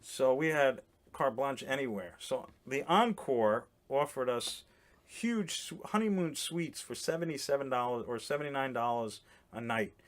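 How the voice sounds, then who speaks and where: A man in casual chat on a podcast, telling a rambling comic story with restarts and quick laughs. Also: mid-range voice, animated. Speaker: comedian guest. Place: boat in a harbor.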